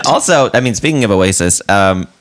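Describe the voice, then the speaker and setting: A young man from the United States, co-hosting a podcast and telling a story in casual, animated chat. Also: on the low side, moderate pace. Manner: animated storytelling, laughs often. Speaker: podcast co-host.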